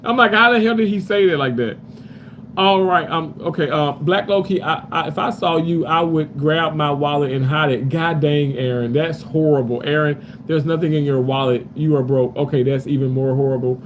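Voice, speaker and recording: A man's voice: a little high, fairly even intonation, normal speed, hardly any pauses, a little hiss or hum. Rambling man chatting on a live stream. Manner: loose, rambling, many fillers. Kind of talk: casual live stream chat, reading comments. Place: hotel room.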